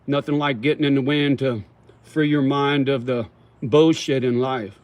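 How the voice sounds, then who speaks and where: A man's voice: mid-range voice, steady tone, unhurried. A man hosting a casual livestream, answering viewer comments in a profane, slangy way and calling people homie and brother while he chews tobacco. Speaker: livestream host.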